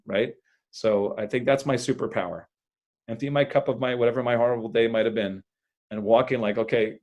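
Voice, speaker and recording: A man, a magician, talking in a lively podcast interview, with loud bursts of enthusiasm and frequent laughter. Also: medium pitch. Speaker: magician guest.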